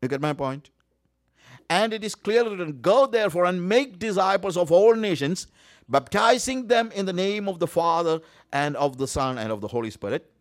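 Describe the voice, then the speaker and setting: Male preacher, slightly high voice, earnest sermon, dry close sound. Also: lively intonation, normal speed, no echo. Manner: earnest, repeats key words for emphasis, frequent uh fillers.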